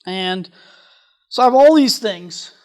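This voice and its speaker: A conference speaker giving a technical presentation, talking quickly and often restarting sentences. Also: mid-range voice, expressive, clean tone.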